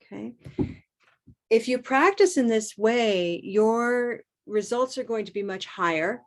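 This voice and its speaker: A woman's voice: on the high side, animated, takes it slowly. A woman teaching a live online pronunciation class, upbeat and encouraging, modeling rhythm by chanting along.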